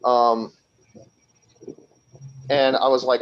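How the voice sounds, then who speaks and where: A man in a relaxed podcast chat, spinning a long winding tale full of restarts and acted-out quotes. His voice sits at a middling pitch. The recording is slightly dull and lo-fi. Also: takes it slowly. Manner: rambling, with frequent restarts and laughs, acting out quoted voices. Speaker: podcast guest. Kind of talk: casual storytelling.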